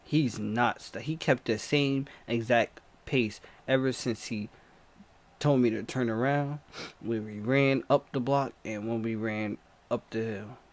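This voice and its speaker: A man's voice: medium pitch, steady tone, a little slow. A man animatedly retelling a personal chase story in a slangy, repetitive, breathless way. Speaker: storyteller vlogger.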